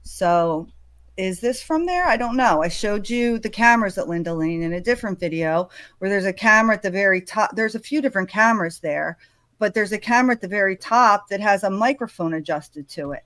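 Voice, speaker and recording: Woman speculating in a hushed, dry voice. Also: mid-range voice, animated, fairly quick, no echo, low-quality recording. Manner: speculative, conversational, often hushed. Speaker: host. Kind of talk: true-crime commentary.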